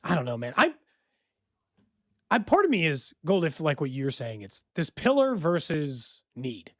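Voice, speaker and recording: A male sports radio co-host with a high voice that swings up and down a lot. He chats casually and peppers his partner with questions. The room sounds dry. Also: dry recording. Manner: animated, asks quick questions. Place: radio studio.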